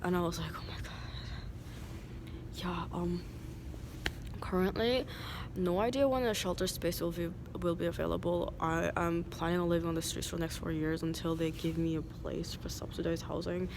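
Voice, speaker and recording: A woman's voice: lowish voice, level tone, normal speed. A woman rambling in a casual monologue, filling her talk with "like". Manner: rambling, many "like" fillers. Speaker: vlogger. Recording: noisy street ambience.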